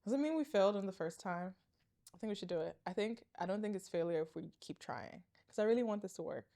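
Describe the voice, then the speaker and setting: A young woman from Africa hosting her own podcast, talking casually and openly to camera, swinging from loud excitement to quiet earnestness. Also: mid-range voice, quick pace, vocal fry, no echo. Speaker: podcast host. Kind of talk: casual confessional talk to camera. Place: outdoor balcony.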